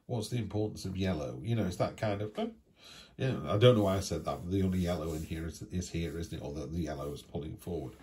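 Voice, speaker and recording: A man's voice: sits low, quick pace, warm tone. A man giving a casual weekly tarot reading, chatty and rambling, with fillers and asides. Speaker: tarot reader.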